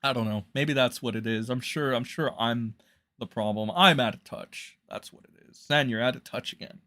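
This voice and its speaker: A man's voice: mid-range voice, moderate pace, sharp tone, no echo. Sarcastic, foul-mouthed livestream host man. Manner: sarcastic, profane, loose rambling. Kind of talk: casual livestream reaction.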